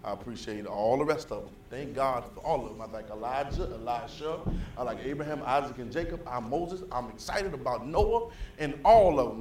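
A man preaching a sermon, talking casually to the congregation, repeating himself and building to loud fervor. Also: mid-range voice, animated, fairly quick, hardly any pauses, echoey room, slight background noise. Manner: casual, repetitive restarts.

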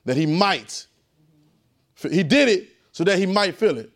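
A preacher with a somewhat high voice teaches a Bible class and draws spoken answers from the room. He hammers points through repetition and often sinks to a low, hushed voice for reverence. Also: animated, a little slow. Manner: emphatic and repetitive, often dropping to a low, quiet voice. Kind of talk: call-and-response Bible teaching.

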